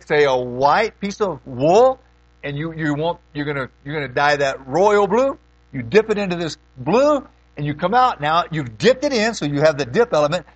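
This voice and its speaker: A man preaching a conversational teaching sermon as a pastor, emphatic and lively, often clearing his throat between points. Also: fairly high pitch, no echo, rough recording.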